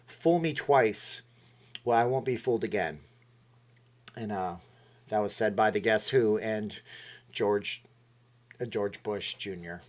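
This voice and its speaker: A man hosting a live stream in a casual, rambling way, cracking jokes and greeting viewers from the chat. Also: mid-range voice. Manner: rambling and jokey, laughs at his own jokes.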